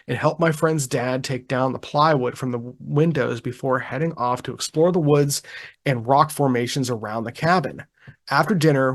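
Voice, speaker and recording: Laid back podcast guy reading a spooky report out loud, mid pitch, loose and chuckly. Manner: relaxed, chuckling, with frequent ums and restarts. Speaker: podcast co-host. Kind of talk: casual podcast chat, reading a witness account aloud.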